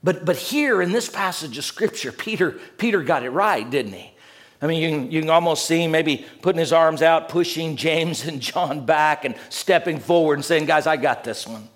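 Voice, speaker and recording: A man preaching a sermon, earnest, repeating words as he builds each point and dropping low and quiet at the ends of phrases. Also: normal speed.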